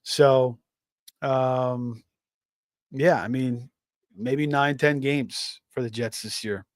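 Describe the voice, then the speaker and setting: A man hosting a live fantasy football stream talks casually, filling his speech with fillers and restarts as he reads out chat messages. His mid-range voice is steady in tone and very slow. There's no room sound.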